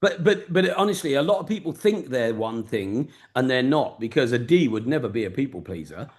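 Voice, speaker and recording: A man's voice: medium pitch, expressive, a little fast, a little mellow. A man with a Luton and Peterborough accent, mentoring a group over a video call in a blunt, sweary, straight-talking way. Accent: English, Luton and Peterborough. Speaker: business mentor. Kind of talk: casual mentoring session.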